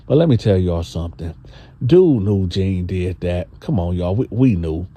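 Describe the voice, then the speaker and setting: A man's voice: low-pitched, animated, moderate pace, dark tone, slightly rough, no room sound. A man narrating a story casually, talking straight to the listeners and repeating himself. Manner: conversational, addresses listeners, repeats words.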